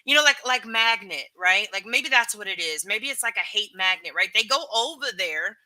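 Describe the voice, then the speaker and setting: A woman's voice: medium pitch, animated, normal speed, sharp tone, no room sound. A woman hosting a live stream, reading chat and giving her candid, emphatic opinions with casual swearing.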